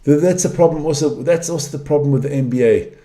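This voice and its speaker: A man's voice: fairly high pitch, quick pace, mellow. A middle-aged man reacting live to a basketball game as a fan commentator, frustrated and blunt, swearing at bad plays. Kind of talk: live watch-along commentary.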